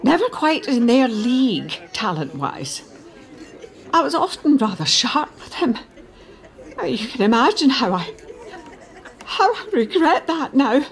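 An actress playing a strict, sharp-tongued older female professor who speaks in a crisp, clipped, scolding way. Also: sits high, very animated, a little slow, long pauses, a faint crowd, heavily acted. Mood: regretful.

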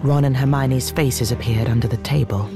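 A narrator reading scripted story narration in a measured way. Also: medium pitch, steady tone, music in the background.

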